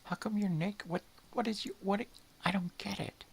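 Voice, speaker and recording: A man doing a squeaky baffled little dog. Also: normal speed, vocal fry, slight background noise. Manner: squeaky incredulous whisper.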